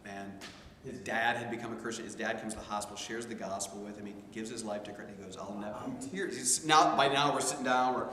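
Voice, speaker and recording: A man's voice: fairly low pitch, fast talker, pushed and bright. Male instructor, anecdotal and informal, recorded in an echoey classroom. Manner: storytelling, conversational with many restarts. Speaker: theology instructor. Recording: echoey hall, faint room noise.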